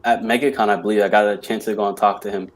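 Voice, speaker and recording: A man's voice: on the low side, steady tone, racing. A man as a podcast guest in casual chat, talking with many "like" fillers and laughing easily.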